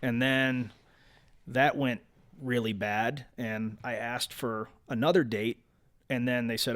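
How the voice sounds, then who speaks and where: A man's voice: mid-range voice, steady tone, slow pace, fairly bright tone. A man appearing as a guest entrepreneur on a casual podcast, giving an earnest, detailed account of business troubles. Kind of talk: casual chat.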